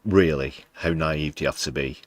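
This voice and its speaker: Very deep-voiced British man, wry. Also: normal speed. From United Kingdom. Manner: wry, sarcastic asides. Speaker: livestream news host. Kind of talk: casual political commentary.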